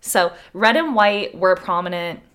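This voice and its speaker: A woman's voice: fairly low pitch, animated, a little slow, a bit bright, clean tone. A young woman co-hosting a podcast, telling a history story in casual, chatty talk and swearing freely. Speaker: podcast co-host.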